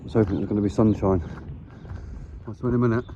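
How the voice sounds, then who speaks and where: A young man with a lowish voice talks matily to his handheld phone while out walking. The audio is slightly dull, and faint wind and open-air ambience sit behind him on the exposed hillside. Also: steady tone, quick pace, warm tone. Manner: chatty, matey, talks to camera while walking. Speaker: travel vlogger. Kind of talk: casual hiking vlog. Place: windy hillside outdoors. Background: wind and outdoor ambience.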